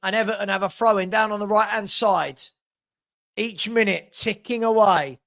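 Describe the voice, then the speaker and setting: A man calling a football match as a fan at home. His commentary is partisan and excitable, getting loud at big moments. It sounds like a casual stream from a home room. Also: sits high, normal speed, gravelly. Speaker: fan watch-along commentator. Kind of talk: live match watch-along commentary.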